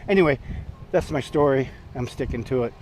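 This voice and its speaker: A man's voice: medium pitch, fairly quick, a little mellow, a little hiss or hum. A man in his sixties telling a story from his past in a casual, rambling way, chuckling, with many fillers and restarts.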